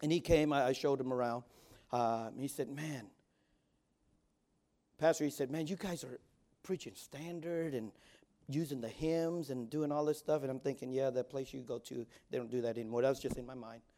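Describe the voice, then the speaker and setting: A man in his forties preaching as a youth pastor, swinging between loud exhortation and quiet asides, often stammering and repeating words. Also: mid-range voice, normal speed. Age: 40s. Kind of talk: sermon.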